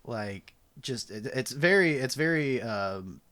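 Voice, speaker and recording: Excitable young man chatting about movies. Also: medium pitch, takes it slowly. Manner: swearing, laughing, excitable. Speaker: podcast co-host. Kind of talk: casual chat about movies.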